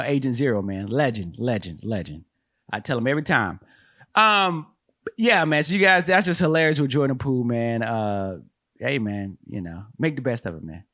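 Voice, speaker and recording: A host and comedian with a slightly high, bright, forceful voice delivers a solo comedic commentary. His talk is loose and full of slang, he keeps calling listeners "man" and "bro," and he laughs at his own jokes.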